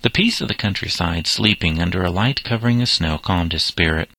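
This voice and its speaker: Deep, gravelly male storyteller. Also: a little fast, pushed and bright, no echo, low-quality recording. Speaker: narrator. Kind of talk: reading a story aloud.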